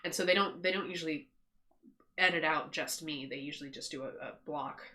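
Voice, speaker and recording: A woman appearing as a guest on a live stream, explaining things in relaxed, casual chat. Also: low voice, fairly quick.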